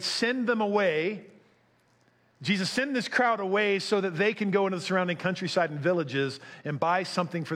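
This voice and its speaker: A man's voice: high-pitched, fairly bright tone. A man preaching a sermon as pastor, conversational, asking the congregation questions and acting out quotes.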